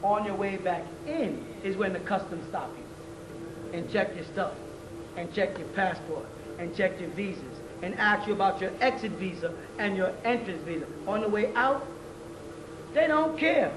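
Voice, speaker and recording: Man, high voice, slangy lecturer quizzing his class; distant, roomy 90s tape with faint hiss. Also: animated, measured pace. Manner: conversational, keeps checking in with rhetorical questions; blunt street slang and profanity. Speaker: teacher leading a class. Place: class meeting room.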